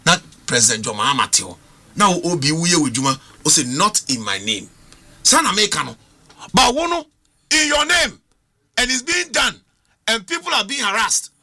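A middle-aged man with a Ghanaian accent makes his case on a political talk show. His voice is very bright and cutting, and his pitch climbs and falls widely. He pushes every point with emphatic rhetorical questions. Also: big pitch swings, normal speed. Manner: emphatic, argumentative, rhetorical questions, mixes languages. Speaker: political panelist.

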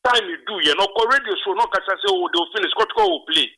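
Bright-voiced caller, distant. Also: male voice, sits high, huge pitch swings, quick pace, gravelly. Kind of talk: phone-in call.

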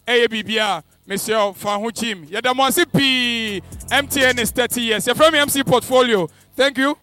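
A man's voice: very high voice, moderate pace, sharp tone, faint music behind. A man hosting a promotional event as MC, upbeat and hyping the crowd. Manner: upbeat, hyping, switching into English.

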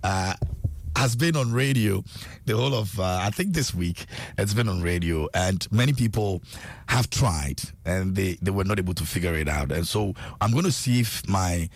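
A man hosting a radio show, playful and chatty and quick to laugh. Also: low voice, expressive, no room sound. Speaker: radio host. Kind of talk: lively radio banter. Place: radio studio.

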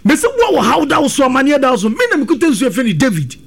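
A man, a spiritual healer on a call-in show, giving his testimony and slowly repeating his phone number. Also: extremely high pitch, very animated, vocal fry, slightly rough. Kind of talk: on-air testimony and advertisement.

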